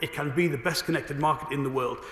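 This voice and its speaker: A slightly hoarse man speaks as a government minister in a parliamentary debate, his delivery brisk and assured. His voice sits a little high and runs fast, while the chamber around him gives it a long, roomy echo. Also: fairly bright tone. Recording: echoey chamber with long reverb.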